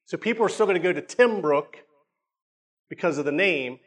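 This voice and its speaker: Slightly high-voiced male preacher. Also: lively intonation, moderate pace. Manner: conversational, checks in with listeners, repeats words. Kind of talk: sermon.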